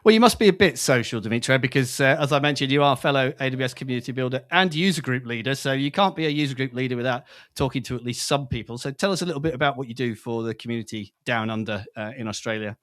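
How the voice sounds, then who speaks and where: A British man hosting a tech podcast in casual chat, relaxed and full of fillers. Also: medium pitch, quick pace, hardly any pauses. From Britain. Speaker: podcast host.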